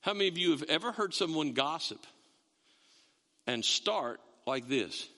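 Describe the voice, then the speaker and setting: A man preaching in a church, his high, lively voice swinging widely in pitch and ringing very bright. He jokes with the congregation, then drives his points home with emphatic bursts. The sound carries a long hall reverb. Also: unhurried. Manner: conversational, joking preacher with emphatic rises. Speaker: pastor. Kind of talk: sermon. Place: church sanctuary.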